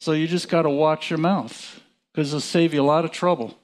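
A man teaching from the Bible in a relaxed, conversational way, chuckling and restarting his sentences. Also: a little high, moderate pace. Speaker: preacher.

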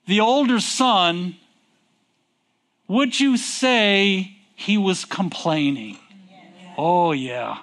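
Slow, high-voiced male preacher. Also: a bit bright. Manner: reads scripture in King James wording, asks the congregation questions; slow, deliberate, drawn-out emphasis. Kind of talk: sermon with call and response.

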